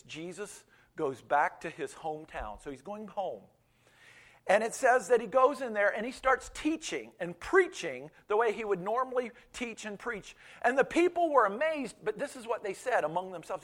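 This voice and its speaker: Animated, high-voiced man preaching a sermon. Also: normal speed. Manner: storytelling, swings from loud to quiet. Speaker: pastor.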